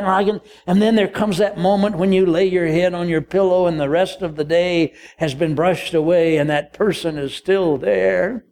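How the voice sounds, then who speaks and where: A man's voice: sits high, a little slow, darkish tone. An older male pastor preaching a sermon, acting out the dialogue of a parable with humor.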